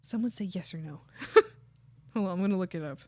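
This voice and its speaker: A woman streamer in casual livestream chat, rambling and thinking aloud to her chat, swearing freely and breaking into excited exclamations. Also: on the low side, moderate pace, no room sound. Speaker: art streamer.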